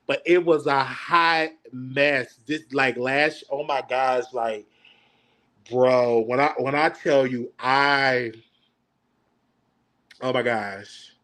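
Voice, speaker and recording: Hosting a laid-back reaction chat, this man speaks in a mid-range voice that's pushed and bright, slow, with fairly even intonation. He stumbles over his words, gets flustered, and makes fun of himself.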